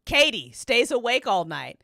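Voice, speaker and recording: A woman's voice: on the high side, very animated, unhurried, creaky, pushed and bright, dry recording, clean studio sound. A woman hosting a casual livestream, reading game events aloud and reacting with frequent laughter and swearing.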